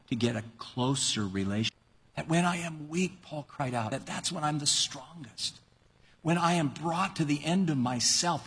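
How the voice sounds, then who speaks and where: A male preacher delivering an animated sermon, acting out quoted voices with sudden high-pitched cries. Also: husky. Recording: long reverb of a large hall.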